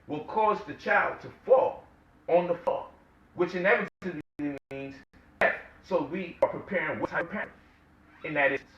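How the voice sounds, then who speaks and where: A man delivers an impassioned lecture-style talk, peppered with rhetorical questions and mocking quotes. His voice is bright and fairly high. He sounds some way from the mic in an echoey room. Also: far from the mic, muffled recording, slight background noise. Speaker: guest speaker.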